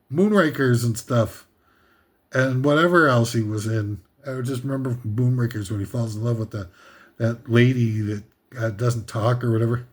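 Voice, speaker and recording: A man hosting a comedic countdown list, ranting sarcastically and rambling with many fillers and asides. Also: mid-range voice. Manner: sarcastic, meandering, with frequent fillers and laughs. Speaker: host.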